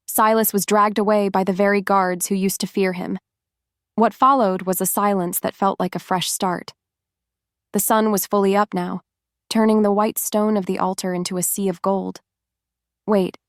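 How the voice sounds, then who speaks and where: A woman narrating a romance audiobook in an even, steady storytelling manner. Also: medium pitch, no room sound, studio quality.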